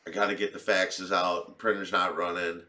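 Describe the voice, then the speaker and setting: A worn-out office worker with a lowish voice who grumbles his way through a bad morning, as a man puts him on during a comic commentary. His voice has a bright edge to it. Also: little pitch movement, normal speed. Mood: grumbling. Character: weary male office worker sneaking a smoke.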